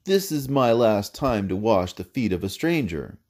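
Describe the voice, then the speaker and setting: A man voicing a dismayed young son, pitching his voice up to sound tearful. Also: big pitch swings, a little slow, darkish tone.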